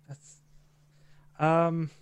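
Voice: mid-range voice, level tone, drawn-out words, clean tone. A player in a casual tabletop game.

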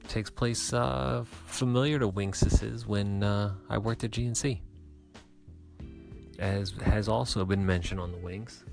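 A man's voice: fairly low pitch, gravelly. A man telling a rambling, profane comic story with chatty asides.

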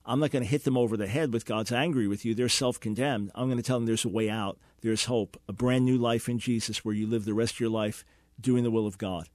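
A man's voice: mid-range voice, steady tone, a little fast, darkish tone, dry recording. Earnest man explaining on a radio call-in. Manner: earnest, explanatory, acts out quoted dialogue. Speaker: radio show host answering callers.

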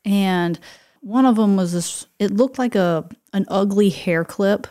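A woman's voice: medium pitch, measured pace, mellow. A woman co-hosting a podcast, explaining things in casual chat and affirming often. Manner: explanatory, chatty, many affirming yeses. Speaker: podcast co-host.

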